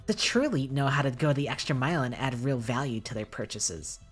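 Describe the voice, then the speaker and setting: A woman's voice: extremely low pitch, expressive, fairly quick, husky, soft background music, full character voice. A woman voicing a snobbish rich teenage girl with a haughty valley girl drawl, reading game dialogue.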